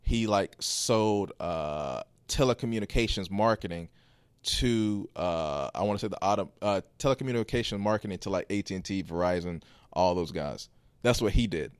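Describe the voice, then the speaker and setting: A man hosting a podcast, telling a story casually in a rambling, animated way with quoted asides. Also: sits low, normal speed, clear, resonant tone, dry recording. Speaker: podcast host.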